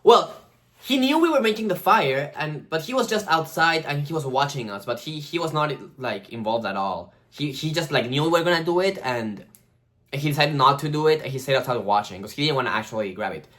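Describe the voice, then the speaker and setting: A man's voice: a little high, animated, brisk, a bit bright. A man voicing a nervous eleven-year-old schoolboy who stumbles and rambles as he tells the truth. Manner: hesitant, rambling, stumbling over words.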